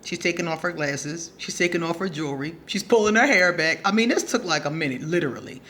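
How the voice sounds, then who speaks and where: Fast and a bit bright, her voice on the low side, a woman advice vlogger answers a subscriber through a casual storytelling monologue. She's blunt and profane and laughs often, with slight background noise in the recording.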